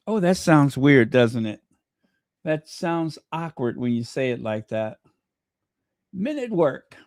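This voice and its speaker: A man's voice: mid-range voice, big pitch swings, slow pace, pauses often, darkish tone, no echo, clean studio sound. A man hosting a casual livestream, trading snarky gossip, thanking viewers and breaking into bits of song. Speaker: livestream host.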